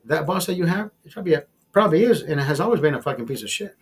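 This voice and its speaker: A man's voice: a little high, lively intonation, rapid-fire, slightly rough. A man hosting a casual livestream, ranting in a heated, preachy way and swearing often. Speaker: livestream host. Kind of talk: casual talk to a live chat.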